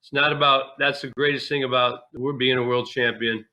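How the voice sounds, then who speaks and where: A man recalling his playing days in a relaxed interview. His voice is bright and forceful. He tells it candidly, in a folksy way, stumbling over restarts as the memories come. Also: mid-range voice, moderate pace. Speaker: guest, former pro ballplayer. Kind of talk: casual interview storytelling.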